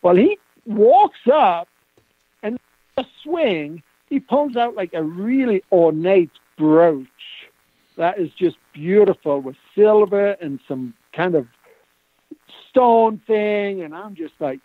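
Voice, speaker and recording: A man's voice: high voice, lively intonation, takes it slowly, no room sound. A man telling laughing anecdotes as a guest calling in to a radio show. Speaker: guest metal detectorist. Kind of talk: casual storytelling on a call-in radio show. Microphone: phone. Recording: tinny phone line.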